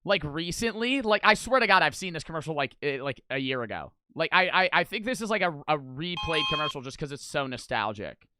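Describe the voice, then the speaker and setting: A young man riffing on old commercials in a high, bright voice with plenty of bite. He swears freely and swings into loud disbelief. His delivery is casual and unpolished. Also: very animated, brisk, hardly any pauses, clean tone. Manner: loud, profane, incredulous outbursts. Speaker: streamer reacting to old commercials.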